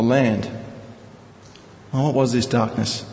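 A man's voice: mid-range voice, fairly even intonation, a little slow, long pauses, a little mellow, long reverb tail, low-quality recording. A male preacher teaching from scripture, reading verses and explaining them with rhetorical questions. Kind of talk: Bible teaching sermon.

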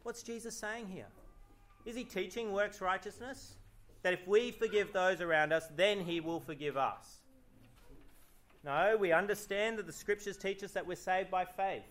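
Earnest male preacher, higher voice. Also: normal speed, fairly bright tone. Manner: earnest preaching, rhetorical questions, reads scripture aloud. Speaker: pastor. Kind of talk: sermon. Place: church.

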